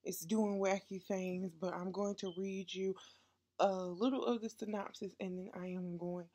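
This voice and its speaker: A woman's voice: medium pitch, fairly even intonation, normal speed, darkish tone. A woman with a stuffy nose chatting through a book review on her vlog, gushing about what she read.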